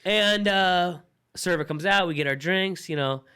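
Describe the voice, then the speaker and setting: Brief: young male podcast co-host, bright high voice, excited and profane storytelling. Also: a little slow, clean tone. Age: young adult. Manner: excited, swearing, lots of fillers. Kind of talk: casual storytelling chat.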